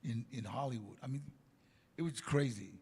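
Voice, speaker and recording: An older man telling stories in an interview, animated and acting out the voices of people he quotes. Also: mid-range voice, moderate pace, slightly rough, big-room sound. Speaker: interview guest. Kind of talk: casual storytelling.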